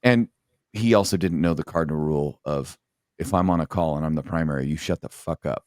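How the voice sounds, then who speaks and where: Middle-aged ex-sergeant guest, very deep voice, blunt and profane, telling stories from the job. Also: male voice, fairly quick, a little mellow, no echo, studio quality. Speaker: former police sergeant, podcast guest. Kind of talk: casual storytelling in a podcast chat.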